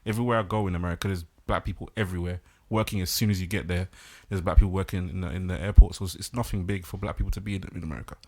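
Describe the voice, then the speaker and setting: A man with a London accent on a casual podcast, matter-of-fact and quick to correct the others. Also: low-pitched, fairly even intonation. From England. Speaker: podcast co-host. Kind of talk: casual chat.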